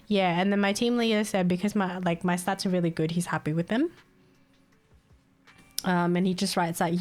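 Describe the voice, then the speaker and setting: A young woman streaming live, chatting casually and telling stories in an animated, exasperated way. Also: fairly low pitch, moderate pace. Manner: chatty, animated storytelling with laughs and exasperated asides. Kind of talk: casual chat.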